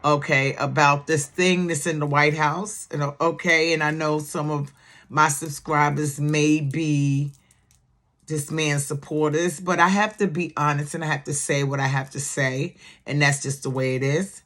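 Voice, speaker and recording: A woman giving casual news commentary on her channel, chatty and indignant, her voice climbing high when she gets upset. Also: steady tone, measured pace, a bit bright.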